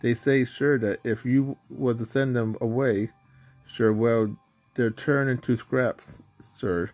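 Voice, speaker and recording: Guy reading as a nervous little engine, stammers sir sir sir, kinda husky. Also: medium pitch, fairly even intonation, slow, darkish tone, soft background music. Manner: hesitant, anxious, keeps saying sir. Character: nervous small male steam engine.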